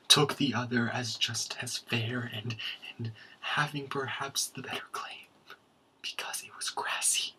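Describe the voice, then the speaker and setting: A man giving a slow, hushed poetry recitation, dropping into whispers at times. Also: medium pitch, a little hiss or hum, low-quality recording. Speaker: student presenter.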